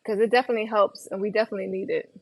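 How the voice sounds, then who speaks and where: A woman's voice: medium pitch, steady tone, racing, creaky, rough recording. A tired woman hosting a casual livestream from her home kitchen while she cooks, chatting and reading out viewer comments. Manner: chatty, reads out viewer comments and replies to them. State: tired from lack of sleep. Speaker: livestream host cooking dinner. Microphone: phone livestream. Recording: kitchen clatter of pans and cutlery.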